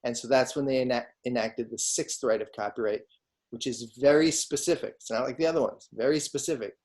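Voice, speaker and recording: Male law lecturer on a video call, casual and interactive, mid pitch. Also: a little fast, a little mellow. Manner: conversational, asks students frequent questions. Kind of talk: online lecture.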